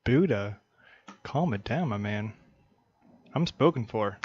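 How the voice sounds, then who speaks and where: A man's voice: fairly low pitch, expressive, takes it slowly, a little mellow. A man doing casual, joking play-by-play on a live poker stream. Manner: joking, chatty banter. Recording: dull lo-fi stream audio, faint noise.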